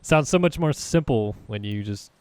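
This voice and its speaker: A man from California giving relaxed, chatty commentary over his racing game, thinking aloud with lots of fillers. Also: mid-range voice, moderate pace, a little hiss or hum. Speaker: gaming channel host. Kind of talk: casual gameplay commentary.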